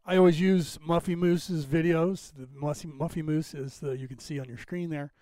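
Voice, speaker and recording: A man's voice: fairly high pitch, fairly even intonation, normal speed, dark tone, no room sound. A man in his fifties with a West Coast American accent, hosting a podcast livestream in a rambling, casual way while he sets up the screen. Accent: General American, West Coast. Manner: rambling, chatty, thinks aloud while fixing the screen. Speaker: podcast host.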